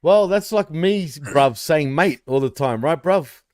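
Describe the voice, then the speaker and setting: A male co-host chatting loosely about wrestling, cursing freely and often breaking into laughter. His voice sits a little high for a man. The sound is dry and close to the mic. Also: animated, measured pace, a little mellow, no echo. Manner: swears a lot, laughs often, teasing. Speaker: podcast co-host. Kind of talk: casual wrestling chat.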